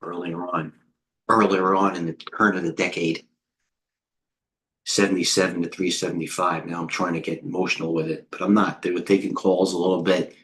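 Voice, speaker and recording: Middle-aged male trading coach, low-pitched, loose and excitable, riffs on charts to his viewers. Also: normal speed, a little hiss or hum. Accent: New York. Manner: rambling, excitable, chatty with viewers. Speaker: trading coach hosting a livestream. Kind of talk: casual live market commentary.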